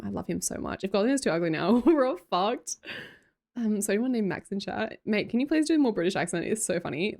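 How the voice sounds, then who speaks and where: Aussie girl chatting on stream, reads chat, laughs a lot, pitch jumps up into squeals. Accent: Australian. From Australia. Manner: chatty, laughs often, breaks into high squeals. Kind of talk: casual chat reading live chat.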